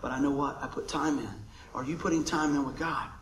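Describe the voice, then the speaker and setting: An older man preaching a sermon as pastor, jokey and animated, laughing often between points. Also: a little high, brisk. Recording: echoey room with faint noise.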